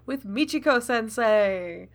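Slow, easygoing woman game master. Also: on the high side. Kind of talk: narrating a tabletop game.

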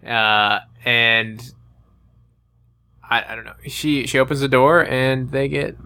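A hesitant man co-hosting a podcast, feeling his way through with ums and restarts and landing dry jokes. His voice is mid-pitched and bright. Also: fairly even intonation, slow. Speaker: podcast co-host. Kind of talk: casual chat.

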